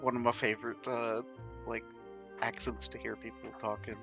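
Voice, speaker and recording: A man with an average-pitched voice talks his way through a tabletop game over voice chat. He halts and restarts often, filling gaps with ums, over faint background music. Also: flat delivery, creaky. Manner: halting, many fillers and restarts.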